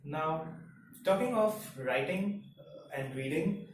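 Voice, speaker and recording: A man whose first language is Hindi, teaching a Mandarin lesson in a measured, step-by-step way. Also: a little high, lively intonation. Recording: very echoey room, mic far off, faint hiss.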